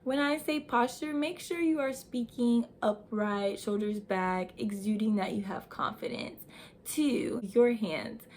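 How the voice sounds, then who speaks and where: A young woman vlogger hands out etiquette advice in an instructive, talk-to-camera way. Her voice sits a little higher than most women's, and she talks to her viewers directly as "you guys". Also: measured pace, a little hiss or hum. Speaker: lifestyle vlogger. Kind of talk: advice vlog talking to camera.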